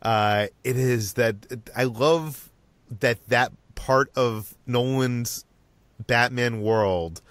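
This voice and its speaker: A man hosting a podcast, chatting casually with a conversational manner that trails off quietly. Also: mid-range voice, no room sound. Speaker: podcast host.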